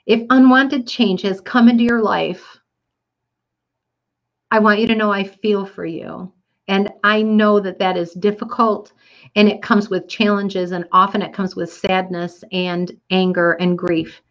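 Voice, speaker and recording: A woman's voice: mid-range voice, steady tone, measured pace, dull audio. A woman telling her listeners a personal story in an earnest, reflective way, with frequent fillers. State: getting teary.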